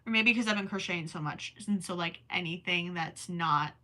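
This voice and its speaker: A woman's voice: lowish voice, normal speed, pushed and bright. A young woman chatting casually on a crochet livestream, reading and answering viewers as she works. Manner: chatty and distracted, often stops to count stitches under her breath.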